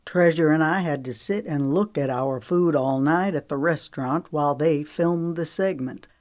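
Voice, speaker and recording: A woman narrator voicing an easygoing young man who teases with a relaxed drawl, recorded dry and close. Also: low-pitched, moderate pace, no echo, natural voice. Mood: teasing.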